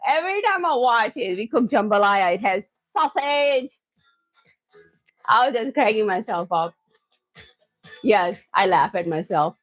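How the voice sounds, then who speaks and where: A woman hosting a live cooking stream from her home kitchen, excitable and loud, often laughing at herself as she chats with viewers. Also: mid-range voice, a little slow, long pauses, no room sound, soft background music.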